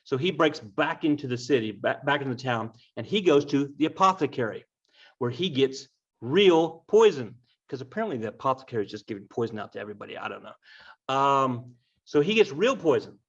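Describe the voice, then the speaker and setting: A man's voice: mid-range voice, lively intonation, fairly quick, breathy edge. A man casually retelling a classic tragedy with wry, offhand asides. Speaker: storyteller. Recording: dull lo-fi recording.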